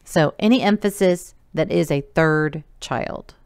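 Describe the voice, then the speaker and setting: A woman's voice: low voice, a little slow, darkish tone, smooth, no room sound, clean studio sound. A woman teacher giving a recorded remote lesson, explaining each step patiently and counting elements aloud.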